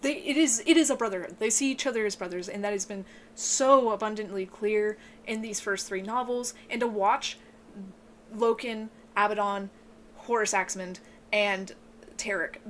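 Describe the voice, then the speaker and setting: An excitable woman giving an emotional, casual book review, swearing often and sounding tearful. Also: moderate pace, slight background noise. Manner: excitable, swears a lot, voice breaks into high yelps.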